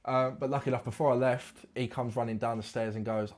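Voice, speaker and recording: A man's voice: mid-range voice, fairly even intonation, quick pace, a little mellow. A man in his twenties, a guest rambling through a story with loads of British slang in casual interview chat. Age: 20s.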